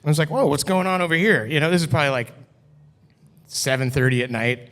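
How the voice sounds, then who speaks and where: A podcast guest with a slightly high, somewhat bright voice talks quickly as he tells a story. His delivery is loose and casual, full of cursing and constant "like." It's recorded in a brewery taproom with a long hall reverb.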